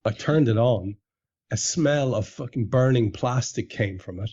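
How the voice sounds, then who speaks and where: A man's voice: medium pitch, measured pace, mellow, slightly rough. A man hosting a casual podcast chat, often stammering and restarting his sentences and swearing offhandedly. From England. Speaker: podcast host. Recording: dull lo-fi podcast audio.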